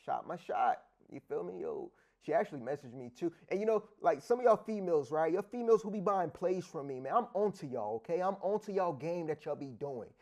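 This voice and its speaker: A man from Africa, an interview guest telling stories in a casual, animated, profane slang style, acting out dialogue in other voices. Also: fairly high pitch, a little fast, hardly any pauses. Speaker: interview guest, sports bettor. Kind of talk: casual storytelling chat.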